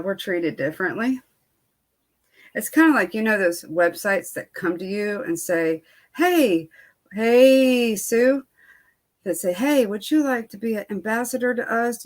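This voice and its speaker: A woman beauty vlogger telling a storytime in casual chat, candid and venting, with lots of fillers and quoted back-and-forth. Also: mid-range voice.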